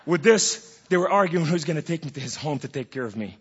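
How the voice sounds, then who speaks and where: A man from the Middle East, a guest speaker, delivers a dramatic preaching testimony in an echoey hall, swinging theatrically from hushed tones to loud outbursts. His voice is a little high and expressive, his pace quick. The hall recording is dull and echoey, with a little hiss or hum.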